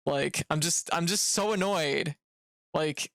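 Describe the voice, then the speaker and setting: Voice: mid-range voice, expressive, measured pace, fairly bright tone, no echo. A livestreamer from Canada, casually commenting on gameplay while ranting in an exasperated, profane way. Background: video game music.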